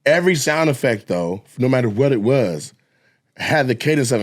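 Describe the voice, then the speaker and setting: A man co-hosting a podcast, telling a profane, animated story and acting out scenes with sound effects. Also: medium pitch, normal speed. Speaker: podcast co-host, comedian. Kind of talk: casual storytelling chat.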